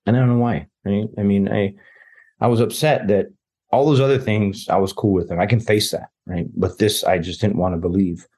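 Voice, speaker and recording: A man's voice: lowish voice, steady tone, brisk, a little mellow, slightly rough. A man, a guest telling a personal story in casual, rambling talk, often quoting other people. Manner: rambling, quotes others in dialogue. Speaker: interview guest.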